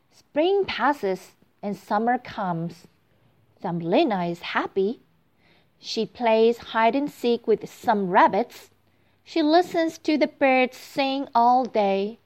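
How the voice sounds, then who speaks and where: A woman reading a children's storybook aloud in a slow, clear, expressive way. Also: fairly high pitch.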